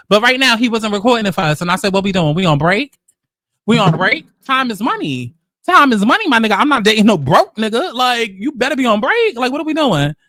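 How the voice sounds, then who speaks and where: A man hosting casual reality-show commentary, telling the story in a sassy, profane, animated way. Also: extremely high pitch, no room sound. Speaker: commentary host.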